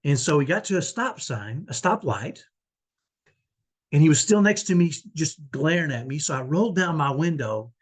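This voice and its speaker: This man's voice sits a little high, with lively intonation and a moderate pace. A parent vlogger, he chats through a personal story about being a parent and keeps tagging "right?" onto his lines.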